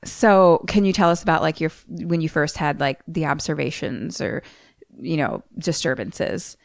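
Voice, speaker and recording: A woman's voice: low-pitched, normal speed, gravelly, dry recording, clean studio sound. A woman co-hosting a podcast. She recaps a movie in casual chat and acts out the characters' lines. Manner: retells scenes breathlessly, acts out character lines. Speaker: podcast co-host.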